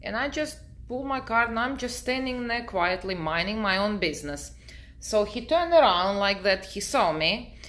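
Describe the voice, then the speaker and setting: Bright-voiced deadpan woman telling a story. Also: mid-range voice, normal speed. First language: Russian. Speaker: vlogger. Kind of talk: casual storytelling to camera.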